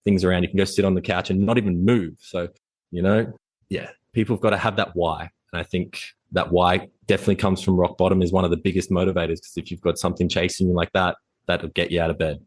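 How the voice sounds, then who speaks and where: A man's voice: sits low, level tone, fast talker, dry recording. A man guesting on a podcast as a fitness coach, talking intensely and bluntly in a motivational way. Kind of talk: casual interview chat.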